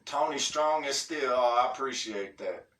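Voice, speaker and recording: A man's voice: medium pitch, moderate pace, fairly bright tone. A man hosting a livestream, reading out viewer comments in a laid-back, slangy, profane way and cracking up often. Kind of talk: casual livestream chat.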